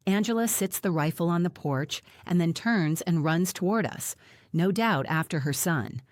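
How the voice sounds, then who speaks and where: A woman narrating an audiobook in the first person, reading in an even, measured way. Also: on the low side, no room sound.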